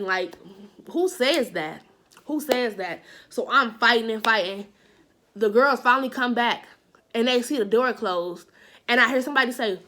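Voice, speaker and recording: A woman's voice: a little high, expressive, moderate pace, sharp tone, slight background noise. A woman vlogger telling a personal story in a casual monologue, repeating phrases for emphasis and saying "like" a lot. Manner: heavy use of "like" as a filler.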